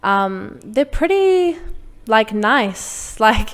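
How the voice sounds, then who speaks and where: A woman's voice: fairly high pitch, very animated, very slow, long reverb tail. A young woman talking frankly as a podcast guest, chatty and full of fillers. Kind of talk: casual conversation.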